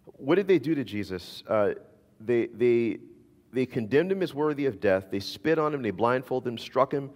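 A man's voice: mid-range voice, animated, moderate pace, a little mellow, in a large hall. A man preaching a sermon as pastor, emphatic and repeating his key phrases.

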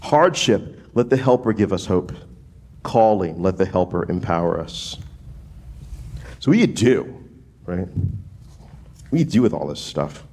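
A man from New Orleans preaching a sermon in a casual, animated way, often restarting phrases and checking in with "right?". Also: low-pitched, measured pace, long pauses, breathy edge. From New Orleans, USA. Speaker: pastor.

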